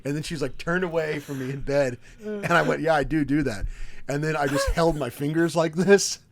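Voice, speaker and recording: A man's voice: fairly high pitch, fairly quick, gravelly, no echo. Dry-sounding laughing male storyteller. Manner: animated storyteller, laughs often mid-sentence. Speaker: podcast co-host. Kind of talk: casual podcast chat.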